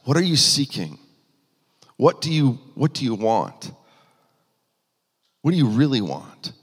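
A man's voice: medium pitch, big pitch swings, measured pace, husky. Man preaching in a reverberant hall. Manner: earnest, rising with emphasis, frequent restarts. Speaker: pastor. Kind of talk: sermon.

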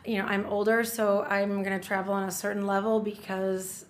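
Chatty middle-aged woman, animated talk. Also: mid-range voice, normal speed. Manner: chatty, restarts often, enthusiastic. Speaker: guest. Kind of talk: casual podcast conversation.

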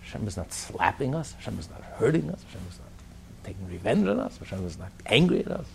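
A man's voice: on the low side, sing-song, fast talker, gravelly, a little hiss or hum. A man teaching a religious text class in an emphatic manner, repeating his points and asking rhetorical questions. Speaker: Torah teacher.

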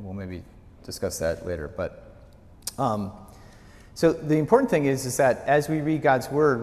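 A male pastor teaching a Bible study in a conversational, storytelling way. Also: a little hiss or hum. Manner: conversational storytelling, lively pitch. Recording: echoey hall reverb.

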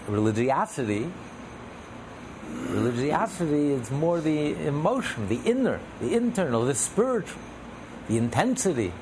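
With a voice on the high side and noticeable vocal fry, a man teaches a Torah class, building his explanation of a passage through repeated lists of phrases. There's noise in the background.

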